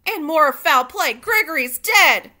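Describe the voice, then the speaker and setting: A woman puts on a ferocious middle-aged cook in a storybook reading, shouting and wailing in a high, bright voice. She sounds loud and near tears. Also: moderate pace. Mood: distraught.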